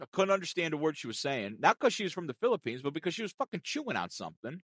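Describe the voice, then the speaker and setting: Give me a man ranting about a phone call, animated and profane, with a very lively pitch. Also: very fast, hardly any pauses, husky, no room sound. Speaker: content creator. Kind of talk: ranting storytime.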